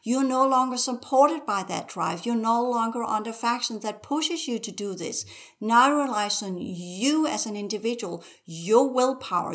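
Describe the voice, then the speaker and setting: A woman teacher talks as a podcast guest in a medium-pitched voice. She presses her listeners hard with one rhetorical question after another. She sounds urgent and exhorting. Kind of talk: podcast conversation.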